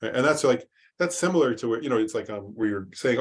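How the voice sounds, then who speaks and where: A man teaching a Buddhist class in a relaxed, conversational way, often stopping to ask "right?" and filling pauses with "um". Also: mid-range voice. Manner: conversational, rephrases with frequent "right?" and "um".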